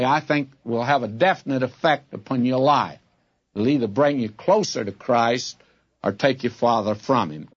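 Husky man giving lively Bible teaching. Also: mid-range voice, muffled recording. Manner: earnest, folksy direct address to listeners.

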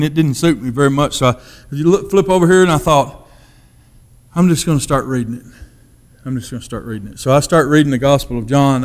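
A man giving his testimony as a sermon, in a folksy storytelling manner that drops to a hush for quoted thoughts. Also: mid-range voice.

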